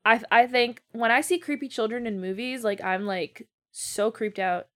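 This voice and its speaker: A young woman in casual, excitable movie-reaction chat, swearing freely and using lots of fillers. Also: on the high side, normal speed.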